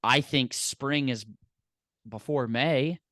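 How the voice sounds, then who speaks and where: A man's voice: mid-range voice, slow pace, pushed and bright, dry recording, studio quality. A man co-hosting a podcast in casual chat, enthusiastic and rambling. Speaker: podcast co-host.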